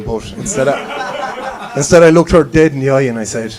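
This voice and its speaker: A man's voice: mid-range voice, a little fast, hardly any pauses, a little mellow, poor audio. A man in his late twenties with a Cork Irish accent, doing a chatty, self-deprecating live stand-up set and swearing freely. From Ireland (Cork). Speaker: stand-up comedian.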